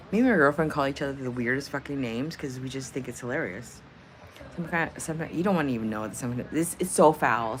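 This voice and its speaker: A woman's voice: very deep voice, fairly bright tone, a little hiss or hum. A woman hosting a live stream in casual chat, blunt and profane, bantering with her viewers and laughing often. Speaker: livestream host.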